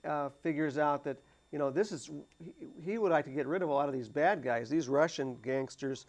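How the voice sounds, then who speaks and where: A man talking casually about a movie on a studio discussion show, halting and full of restarts. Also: a little high. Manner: halting, many restarts and fillers. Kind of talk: casual chat about a film. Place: cable TV studio.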